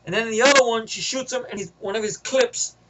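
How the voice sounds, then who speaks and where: A man vlogging, rambling through a movie pitch in casual slang and swearing, in a noisy home recording. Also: a little fast.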